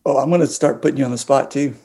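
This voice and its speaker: A man in a casual podcast chat, talking quickly and laughing easily. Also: medium pitch, steady tone, mellow, breathy edge.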